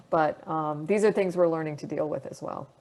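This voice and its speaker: A middle-aged woman speaks over a video call with a slightly low voice. She tells her stories in a relaxed, animated way, with plenty of fillers and laughter. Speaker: astronaut guest. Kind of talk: casual storytelling answers.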